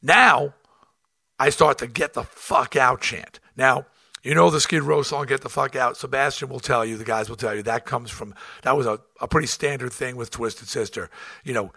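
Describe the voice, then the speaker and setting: A middle-aged man hosting his own show, telling a road story in a blunt, profane, animated way. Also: mid-range voice, moderate pace, vocal fry, breathy edge, no echo, clean studio sound. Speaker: host. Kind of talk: storytelling monologue.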